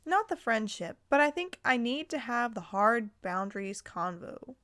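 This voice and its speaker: A woman's voice: a little high, animated, normal speed, fairly bright tone. A woman vlogger who reads online posts aloud and reacts to them in a blunt, heated way, swearing freely in casual talk full of fillers. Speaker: commentary vlogger.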